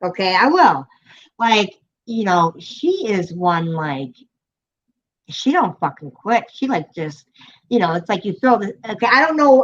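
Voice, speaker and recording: A woman hosting a live stream, chatting casually, rambling and swearing, with frequent laughter. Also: mid-range voice. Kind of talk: casual chat. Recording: muffled lo-fi audio.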